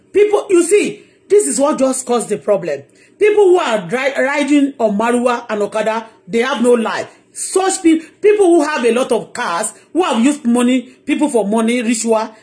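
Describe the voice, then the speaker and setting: A Nigerian-accented woman with a high voice speaks to her followers in a fired-up live monologue. She hammers her points home with emphasis and says them again. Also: darkish tone. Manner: emphatic, heated, repeats herself. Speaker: online blogger.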